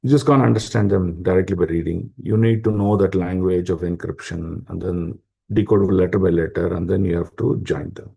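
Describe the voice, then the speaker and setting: A man's voice: low voice, brisk, gravelly, mellow, slightly rough. A man giving an informal scripture class, explaining step by step with rhetorical questions and many fillers. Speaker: spiritual class speaker.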